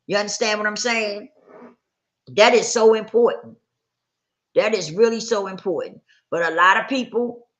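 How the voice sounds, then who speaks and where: Her voice is lowish with a sharp edge. Hosting a live talk, the woman gives her audience earnest motivation, restating her points for emphasis and often pausing to check in with them.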